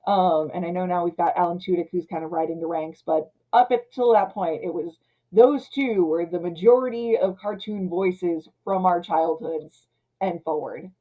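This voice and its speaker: A woman in her thirties casually ranting about an old film, retelling scenes and slipping into quick character voices. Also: fairly low pitch, dull audio. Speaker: film commentator. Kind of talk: casual movie rant.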